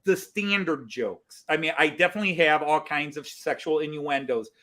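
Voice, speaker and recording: A man hosting a casual group chat, talking in a rambling, animated way with many restarts. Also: fairly high pitch, normal speed. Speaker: host.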